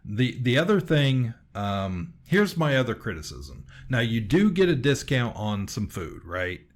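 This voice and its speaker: A man's voice: mid-range voice, sing-song, measured pace. A man co-hosting a podcast, telling a long, rambling story in casual chat, full of fillers and restarts. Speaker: podcast co-host.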